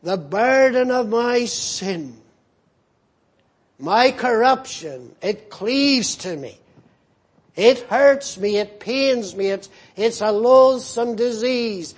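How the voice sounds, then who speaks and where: Male pastor, slow and deliberate sermon delivery, husky tone, earnestly rebuking. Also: very high-pitched, lively intonation. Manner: earnest, rebuking, emphatic repetition.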